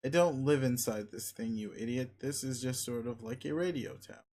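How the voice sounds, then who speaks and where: A man reads a webcomic aloud as its narrator, his delivery dry and mocking. His voice sits at an ordinary middle pitch for a man. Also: moderate pace, mellow. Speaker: webcomic reader.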